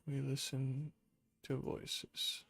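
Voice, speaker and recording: A streamer talking slowly and drowsily to themselves at the end of a late-night stream. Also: medium pitch, monotone, creaky, fairly bright tone, no room sound, faint music behind. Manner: slow, drowsy muttering to himself.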